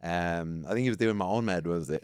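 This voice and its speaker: A man's voice: low-pitched, moderate pace, smooth, dry recording, clean studio sound. South African man, laughing storyteller. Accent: South African English. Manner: laughs often, lively anecdotes. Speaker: podcast guest. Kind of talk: casual storytelling chat.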